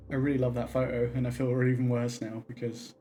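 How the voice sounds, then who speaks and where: Man, game streamer, casual commentary, reads texts aloud quietly, middle pitch, faint background noise. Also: little pitch movement, quick pace. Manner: reads in-game text messages aloud in a low, subdued voice. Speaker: livestreamer. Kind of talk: casual let's-play commentary.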